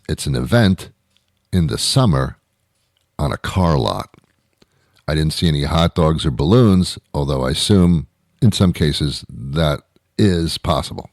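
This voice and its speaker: Low-voiced man doing a rambling comic monologue. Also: no echo, studio quality. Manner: rambling, deadpan, mock-outraged musing. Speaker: show host. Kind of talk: comedic monologue.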